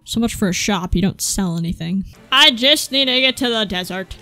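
A woman gaming on a channel, her voice bright and sharp, swinging widely up and down as she grumbles and swears at the characters on screen. Faint music plays underneath. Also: medium pitch, expressive, normal speed, no room sound. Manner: exasperated, profane, talks back at game characters. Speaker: let's play gamer. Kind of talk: gameplay commentary.

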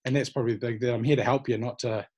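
A man's voice: mid-range voice, steady tone, racing, a little mellow, husky. A man, a personal trainer from New Zealand, giving easygoing, encouraging answers in an interview. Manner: encouraging, easygoing, many fillers.

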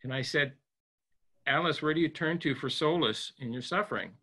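A man as a psychologist guest in an interview, telling a story in a gentle, reflective way with frequent restarts. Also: on the high side, normal speed, breathy edge.

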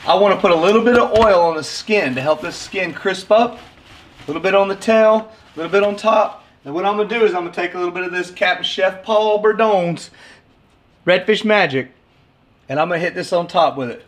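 Fairly quick and pitched high, this middle-aged fishing channel host speaks straight to the camera in a folksy, cheerful manner. He's making a casual cooking vlog in his home kitchen.

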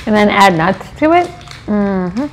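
A woman's voice: mid-range voice, very animated, measured pace, slight background noise, low-quality recording. A woman chatting casually while taste-testing snacks, with short murmured reactions, now and then reading labels aloud. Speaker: co-host tasting snacks.

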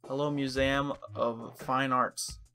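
A man's voice: mid-range voice, flat delivery, slow pace, sharp tone, faint music behind. A young man giving playful, hammy commentary while playing a life-sim game. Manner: playful, hammy trash talk. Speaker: let's play streamer. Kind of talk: gameplay commentary.

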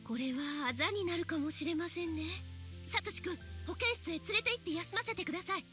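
An actress voicing a caring young schoolteacher who speaks with polite, concerned urgency in a visual novel. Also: female voice, extremely high pitch, racing, pushed and bright, soft background music. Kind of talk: dubbed visual novel voice acting.

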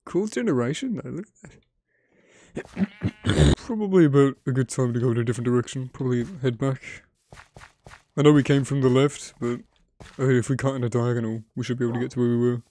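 A young man giving casual gameplay commentary, excitable and swearing often, chatting to his in-game animals. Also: medium pitch, brisk, pauses often. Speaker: gaming video creator. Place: home editing room.

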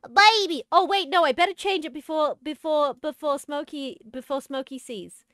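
A woman's voice: high-pitched, moderate pace, fairly bright tone, no echo, clean studio sound. A woman hosting a livestream, chatting casually and giggling while she plays with friends and apologizes often. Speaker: streamer and host.

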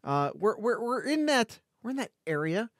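Joking man with a higher voice. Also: sing-song, moderate pace, a bit bright, no echo, clean studio sound. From Ohio. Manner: jokey, rambling ad read with restarts. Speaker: podcast co-host. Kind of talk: casual sports podcast chat and ad read.

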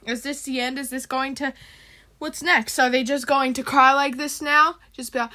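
A woman hosting her channel, chatting excitably while reacting to a game video and bursting into shrieks. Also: high voice, normal speed. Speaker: channel host.

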